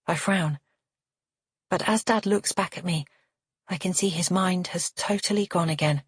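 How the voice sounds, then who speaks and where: A woman narrating a first-person thriller audiobook in a tense, measured way. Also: lowish voice, husky, dry recording, studio quality.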